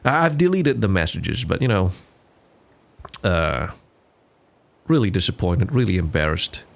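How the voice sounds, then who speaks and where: A man's voice: deep voice, big pitch swings, measured pace, vocal fry. A man, hosting a casual solo podcast, rambling with lots of fillers and restarts. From Singapore. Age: 20s. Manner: rambling, frequent fillers and restarts, laughs often. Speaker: podcast host.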